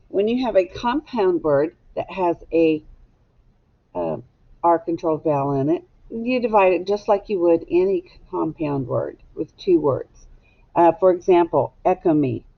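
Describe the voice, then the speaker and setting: A woman teacher leading a recorded phonics lesson for young students, speaking patiently and asking them to echo words back. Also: lowish voice. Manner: slow, patient, asks pupils to echo words. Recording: slightly dull, lo-fi recording.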